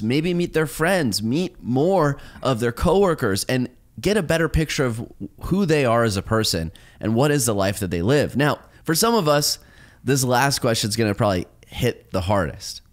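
A man hosting a podcast, telling personal stories and giving relationship advice in a casual conversation. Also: mid-range voice. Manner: storytelling, advice-giving, animated. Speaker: podcast host.

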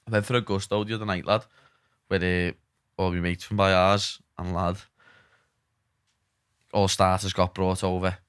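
A man's voice: low-pitched, little pitch movement, moderate pace, pauses often, fairly bright tone, smooth, no echo, studio quality. A young man with a Liverpool accent, chatting casually on a podcast as the guest and telling stories full of "lad". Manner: chatty storytelling, peppered with "lad". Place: podcast studio.

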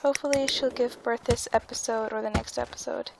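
A woman narrates her gameplay in casual, chatty commentary, giggling and tripping over her words now and then. Her voice is a little high with a gravelly fry, and she talks unhurriedly. A clear hiss of noise sits under the recording. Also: steady tone, fairly quick. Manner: chatty, giggly, often tongue-tied. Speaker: let's play host.

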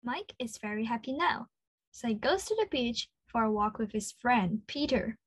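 A woman with an Australian accent leading an interactive children's lesson, slow and encouraging, full of praise. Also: a little high, lively intonation, slightly rough, no room sound. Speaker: children's speech clinic presenter.

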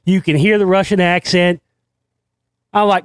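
A man hosting his own show, delivering a rambling, excitable monologue full of restarts and swearing. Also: high-pitched, a little slow, clear, resonant tone, no room sound. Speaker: show host. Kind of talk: conspiracy commentary monologue.

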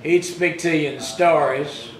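Pastor preaching, echoey room. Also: male voice, on the high side, fairly even intonation, a little slow, crowd noise. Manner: retells scripture in plain colloquial speech, rising loud for quoted rebukes. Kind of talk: sermon.

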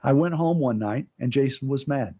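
A man's voice: mid-range voice, normal speed, breathy edge. A man, a private investigator, plainly recounting events in a documentary interview. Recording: dull archival interview audio.

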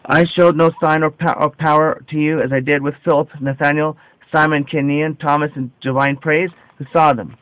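A man reading scripture aloud with commentary, slow and solemn, stressing quoted dialogue. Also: on the high side, little pitch movement, fairly bright tone, highs cut off.

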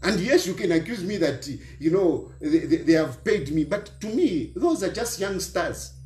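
A man's voice: high-pitched, animated, normal speed, darkish tone. A middle-aged man from Zambia with a Zambian accent, lecturing an opponent in a scolding monologue and repeating his points. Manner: lecturing, repeats phrases, mixes local words into English. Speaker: opposition politician. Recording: roomy echo with faint music.

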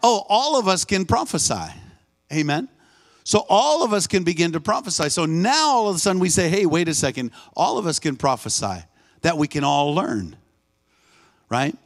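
A man's voice: fairly high pitch, big pitch swings, moderate pace. A man preaching a live church sermon, emphatic and repetitive, calling out to the congregation. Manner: emphatic, call-and-response, repeats phrases. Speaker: guest preacher. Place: church sanctuary.

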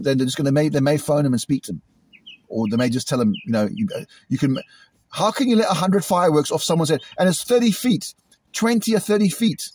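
A British man venting angrily in a vlog, repeating himself and imitating loud bangs, recorded outdoors. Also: on the high side. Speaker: vlogger. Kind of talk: agitated monologue to camera. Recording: outdoors in a cemetery.

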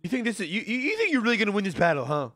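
A man voicing a loud, mocking deputy warden in a game role-play. His voice is bright and swings high and low as he taunts. The sound is close and dry. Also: wildly swooping pitch, rapid-fire, no room sound, heavily acted. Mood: pleading. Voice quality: loud and cackling, switching to low menace. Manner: mocking and teasing, breaks into laughter. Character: brash, goofy male deputy warden who laughs off threats.

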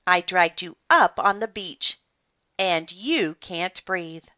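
A woman's voice: fairly low pitch, animated, slow pace, pushed and bright, dull audio, exaggerated voice. A woman doing an upbeat male lifeguard. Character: cheerful adult male lifeguard teacher.

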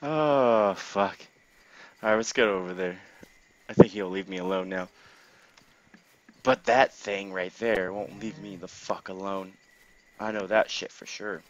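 A man commentating his own gameplay casually, excitable, laughing and swearing often. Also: lowish voice, unhurried, long pauses, lo-fi sound, slight background noise.

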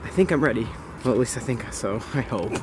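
Guy vlogging on a run outside, mid voice, easygoing, loud traffic noise on the camera mic. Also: mid-range voice, fairly quick. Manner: easygoing, talks to camera while jogging. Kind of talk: casual vlog talk. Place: outdoors on a street. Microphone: handheld camera mic.

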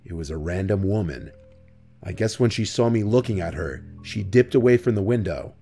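Deep, steady male narrator for creepy first-person stories, music bed underneath. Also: gravelly, slightly rough. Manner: calm, measured storytelling. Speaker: horror story narrator. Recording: narration over background music.

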